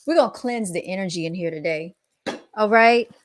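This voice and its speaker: A woman hosting a casual reaction commentary, animated and emphatic, often calling out to her viewers. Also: mid-range voice, a little fast, no room sound, studio quality. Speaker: commentary host.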